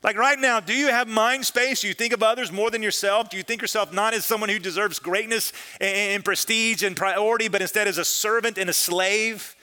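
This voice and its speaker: A male pastor delivers a sermon in a high, bright voice that pushes forward with energy. He preaches conversationally, animated and storytelling, slipping into the voices of the people in his story and surging and dropping in volume for effect. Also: a little fast, few pauses, smooth. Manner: animated storytelling with dramatic shifts in loudness, acts out quoted voices; conversational, peppered with "man" and "listen".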